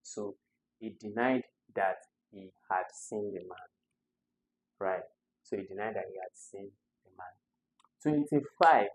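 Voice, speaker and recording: A man's voice: fairly low pitch, darkish tone, slight background noise, poor audio. A man, tutoring students through English exam questions step by step and repeating the key words.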